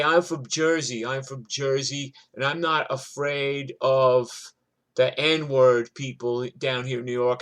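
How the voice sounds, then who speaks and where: A man's voice: mid-range voice, fairly bright tone, natural voice. A man voicing a boastful, swaggering young tough guy from Jersey as he retells a story. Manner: swaggering, bragging.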